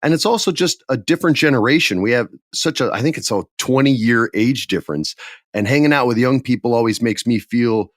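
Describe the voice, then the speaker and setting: Man, casual storytelling, animated, mid pitch, dry close sound. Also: brisk, no room sound. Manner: animated, acts out quoted voices. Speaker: podcast guest telling a story.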